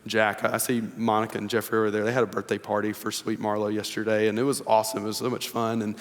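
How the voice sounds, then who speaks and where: A young man preaching a sermon as pastor. He moves between slow, hushed scripture reading and lively, animated storytelling. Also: fairly low pitch. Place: church sanctuary. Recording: long reverb of a church sanctuary.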